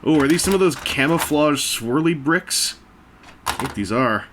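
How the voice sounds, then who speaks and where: A man's voice: a little high, animated, a little slow, background noise. A man casually chatting while he builds a brick set, rambling along with self-mocking jokes and asides. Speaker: toy-building video host. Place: indoors at a table.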